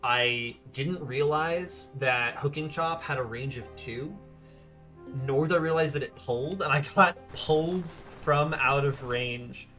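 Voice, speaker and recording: A man talks through his game in a loose, chatty ramble, turning to his viewers as he plays. His voice is bright and forceful, with a middling pitch. Soft music runs faintly underneath. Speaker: game streamer. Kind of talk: casual gameplay commentary.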